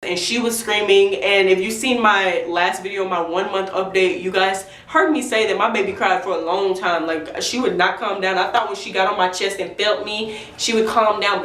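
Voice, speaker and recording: A woman's voice: mid-range voice, steady tone, moderate pace, hardly any pauses, a bit bright. A young woman telling a candid, chatty storytime to her viewers. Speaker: vlogger. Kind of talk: storytime vlog. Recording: roomy echo, mic at a distance.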